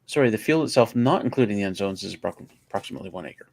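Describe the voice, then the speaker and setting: A man's voice: on the low side, animated, rapid-fire, gravelly, darkish tone, no echo. A man chatting casually with a livestream host and trading teasing, jokey banter. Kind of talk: casual chat.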